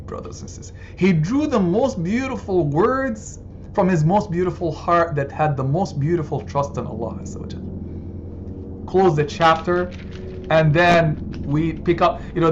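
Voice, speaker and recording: Expressive male religious teacher. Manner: expressive, builds to emphatic high points. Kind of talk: sermon-style study circle talk. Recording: slightly dull sound, faint background noise.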